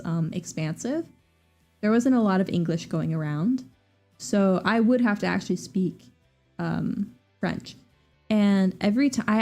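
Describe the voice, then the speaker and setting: A woman in her twenties with a Southern US accent, chatting casually on a livestream in a fast, rambling, animated way with lots of fillers and restarts. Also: medium pitch. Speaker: streamer.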